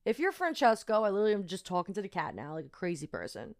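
A young woman hosting a podcast, telling a personal story in a chatty, animated way with lots of fillers. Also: on the low side, very fast, creaky. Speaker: podcast host. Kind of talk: casual storytelling monologue.

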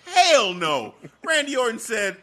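A man's voice: very high-pitched, slow. A man in casual chat, laughing often and acting out quoted lines. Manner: animated, laughing, acts out quotes.

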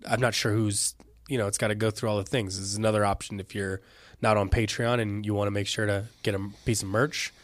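A man's voice: on the low side, level tone, no room sound. A man co-hosting a casual podcast, chatty and chiming in often. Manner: quick, chatty, chimes in often. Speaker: podcast co-host. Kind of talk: casual chat.

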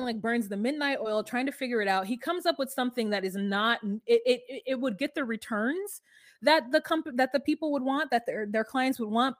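Woman podcast co-host, higher voice, dry close sound, animated storyteller. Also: no room sound. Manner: animated retelling with jokey put-on quotes. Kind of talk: casual storytelling chat.

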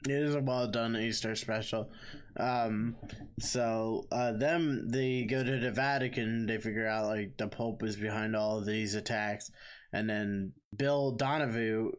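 A man's voice: fairly low pitch, fairly even intonation, unhurried, clear, resonant tone. A man co-hosting a podcast in casual chat, recapping the story in a laid-back way. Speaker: podcast co-host.

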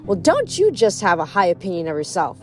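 A woman's voice: on the low side, wildly swooping pitch, brisk, a little mellow, faint music behind. A woman reading aloud, voicing a scornful, cackling goddess of revenge. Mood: haughty. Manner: sneering, haughty.

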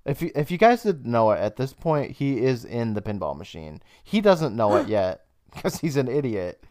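Smooth-voiced man recapping a show. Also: very animated, a little mellow, no room sound, clean studio sound. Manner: retelling a plot with laughs and quick bursts of high mock voices. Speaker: podcast co-host. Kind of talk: casual recap chat.

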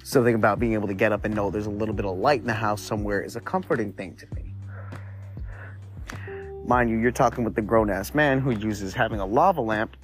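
A man hosting a podcast, telling a spooky personal story in a rambling, profane, conversational way. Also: on the low side. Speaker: podcast host.

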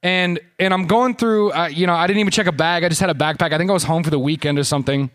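On a live podcast stage, a man with a rather high, fairly bright voice tells a long comic story at a quick pace. He rambles and restarts, swearing freely and poking fun at himself.

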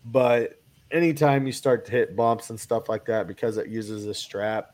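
A man's voice: mid-range voice, fairly even intonation, moderate pace, a little mellow. Rambling man with a cold. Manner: rambling, many fillers and restarts. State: has a cold. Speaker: kayak angler guest. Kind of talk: casual chat.

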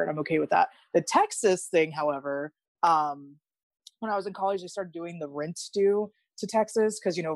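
A woman's voice: low-pitched, creaky, no echo. A young woman chatting casually about college football as a podcast guest, rambling with asides. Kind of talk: casual sports chat.

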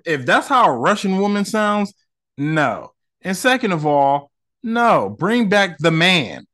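A man hosting his own podcast, ranting casually in heavy slang. His pitch swings widely as he talks, rising when he gets heated and dropping low when he mutters. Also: fairly bright tone. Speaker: podcast host. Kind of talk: casual solo commentary.

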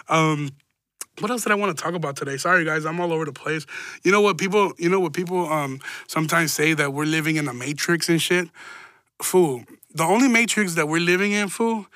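Guy riffing on his podcast, loose slangy cussing, quick and bright, dry mic. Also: high-pitched, dry recording. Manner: rambling, profane, laid-back slang. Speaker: podcast host. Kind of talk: casual solo podcast storytelling.

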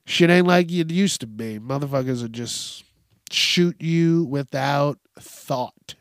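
A man's voice: takes it slowly, no room sound, studio quality. A man hosting a podcast, ranting casually and profanely about everyday annoyances, with an exasperated tone. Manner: profane, exasperated, mimics people in high voices. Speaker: podcast host.

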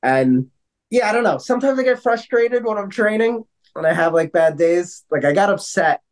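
A man co-hosting a casual podcast, telling stories in an animated way with lots of fillers and some swearing. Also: high-pitched, moderate pace. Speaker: podcast co-host. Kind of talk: casual chat.

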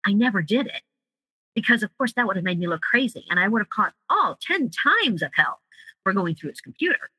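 A woman's voice: mid-range voice, very animated, a little fast, sharp tone, husky, no echo, low-quality recording. A woman, a guest, earnestly telling a personal story in an interview.

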